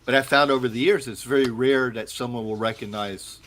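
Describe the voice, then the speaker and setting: A man in relaxed conversation, recounting his ghost-hunting cases in an easygoing, mid-pitched voice. Faint background noise sits under the line. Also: fairly quick. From South Florida. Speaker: paranormal investigator. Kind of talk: casual chat.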